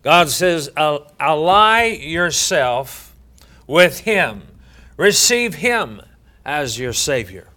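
A middle-aged male pastor preaching a sermon, telling a folksy story with many halting fillers. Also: a little high, big pitch swings, pushed and bright.

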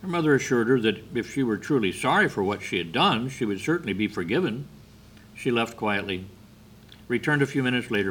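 A man giving a sermon, telling stories in a slow, measured way with brief hesitations. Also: medium pitch, lively intonation, fairly bright tone, slight background noise. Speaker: preacher.

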